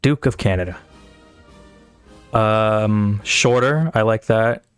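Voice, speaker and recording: A man's voice: on the low side, slow, clean tone. A man from South Asia streaming live, giving casual, rambling, profane reaction commentary while he thinks aloud. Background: faint anthem music playing.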